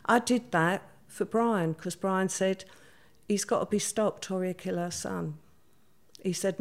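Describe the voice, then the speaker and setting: A woman's voice: mid-range voice, creaky. An older woman, telling her story as an interview guest in a plain-spoken way and acting out what people said. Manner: plain-spoken, acts out quoted dialogue.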